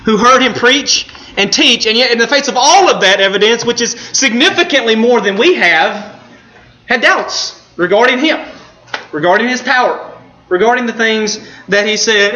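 A man preaching a sermon, telling the story in an earnest way and pausing for emphasis. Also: sits high, bright, forceful tone, dull audio.

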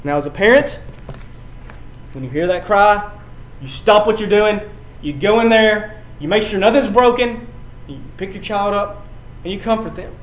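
A man preaching a sermon, building from quiet passages to loud, emphatic runs and often repeating his words. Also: sits high, moderate pace, rough recording. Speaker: pastor.

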